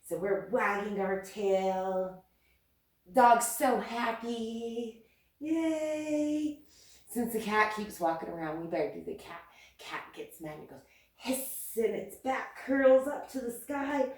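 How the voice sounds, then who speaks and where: A young woman teaching yoga to little kids in a sing-song, coaxing way, with hisses and moos along the way. Her voice sits a touch high and rings around a very echoey room. She sounds set back from the microphone. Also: takes it slowly, distant mic. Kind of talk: playful guided yoga class for children.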